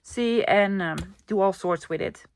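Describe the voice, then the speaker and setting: A woman's voice: medium pitch, unhurried, slight background noise. Chatty woman vlogger. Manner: chatty, enthusiastic, thinking aloud. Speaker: craft vlogger. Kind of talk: casual show-and-tell vlog.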